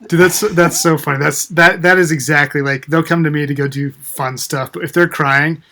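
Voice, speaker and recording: A man with a fairly high voice hosts a casual interview. He is relaxed and supportive, answers his guest with easy agreement, and says dude and man often. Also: moderate pace. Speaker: podcast host.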